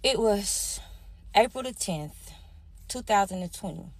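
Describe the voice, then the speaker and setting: A woman's voice: medium pitch, expressive, measured pace, no room sound. A young adult woman telling a personal story candidly, talking straight to her listeners. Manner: candid, addresses listeners as y'all. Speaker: storyteller sharing her life.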